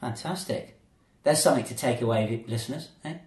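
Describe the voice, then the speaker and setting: A man's voice: medium pitch, brisk, a little mellow, echoey room. A man hosting a casual podcast, joking and explaining phrases word by word. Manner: playful, punning, explains word by word. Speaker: podcast host. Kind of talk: casual chat and phrase teaching.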